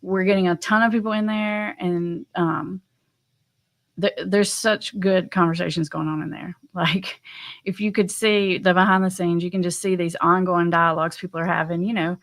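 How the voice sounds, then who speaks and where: Woman, lowish voice, casual live-stream host, chatty, lots of ums. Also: fairly even intonation, normal speed, a bit bright. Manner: chatty, with frequent ums and laughs.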